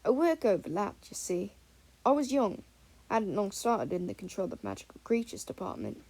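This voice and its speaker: A woman's voice: mid-range voice, huge pitch swings, normal speed, darkish tone. A woman voicing a friendly, easygoing male wizard professor, reassuring and chatty.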